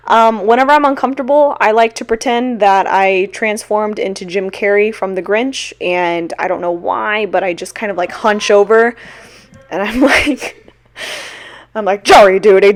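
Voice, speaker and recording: A young woman who teaches, chatting casually through a Q&A on her own mic, self-deprecating and laughing often. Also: mid-range voice. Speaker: teacher and small-shop vlogger. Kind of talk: casual Q&A chat.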